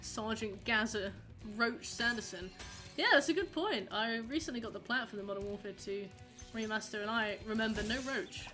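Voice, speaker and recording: A young woman livestreams a game and chats away to her viewers, wandering from topic to topic. Her voice is bright, crisp and set a little high. Faint game music plays behind her. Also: normal speed. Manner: chatty, rambling, reacting to chat messages. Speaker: streamer. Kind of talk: casual live-stream chat while gaming.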